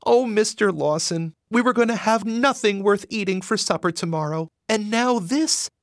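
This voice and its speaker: A man's voice: high-pitched, normal speed, no echo, studio quality, voice pushed up. A man voicing a gray-haired mother who gushes frantic, breathless thanks. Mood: overwhelmed. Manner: breathless, gushing, tearful thanks.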